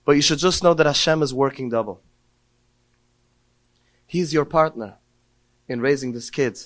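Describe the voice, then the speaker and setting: A man's voice: medium pitch, moderate pace. A middle-aged man giving a heartfelt Torah talk, telling stories and rising to emotional cries when quoting prayers. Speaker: podcast speaker.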